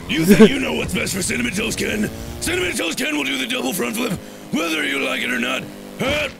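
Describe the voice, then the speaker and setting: This is a brash, boastful macho dude who talks himself up loudly, as a man puts him on for laughs. His voice sits high and swoops around with a gravelly edge, while loud game music plays behind him. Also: heavily acted. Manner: brash, self-hyping, loud.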